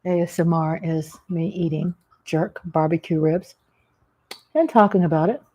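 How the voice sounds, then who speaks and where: A woman's voice: fairly low pitch, steady tone, measured pace, slightly rough, highs cut off. A middle-aged woman chatting casually about family cooking while eating, rambling and homey, with frequent restarts. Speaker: food vlogger. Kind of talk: casual mukbang chat. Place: home, eating at a table.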